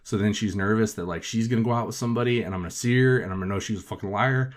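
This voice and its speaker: Casual male podcast host, lower pitch, loose and profane, lots of filler words. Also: racing. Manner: profane, filler-heavy with frequent "like". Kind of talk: casual storytelling.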